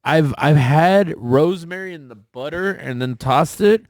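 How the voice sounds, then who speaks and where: A young man co-hosting a casual podcast, relaxed and rambling. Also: on the high side, measured pace, dry recording, studio quality. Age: young adult. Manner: relaxed, rambling, laughs often. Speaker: podcast co-host. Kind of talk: casual chat.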